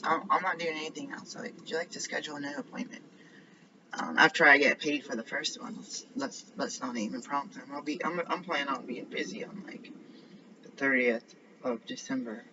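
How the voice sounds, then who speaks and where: A man vlogging in a casual, rambling monologue, drifting between topics and often dropping into a whisper. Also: fairly high pitch. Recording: slightly dull lo-fi recording with faint noise.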